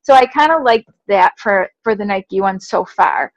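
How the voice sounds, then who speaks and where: A woman co-hosting a running podcast in casual chat, self-deprecating and quick to laugh. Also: mid-range voice, expressive, no room sound, lo-fi sound. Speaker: podcast co-host.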